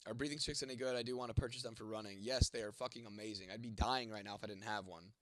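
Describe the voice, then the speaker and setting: A young man hosts a casual livestream, reading chat and answering bluntly with profane jokes. His lowish voice is steady and bright but congested and fading, delivered rapid-fire with coughing, in a dry, studio-quality recording with no room sound.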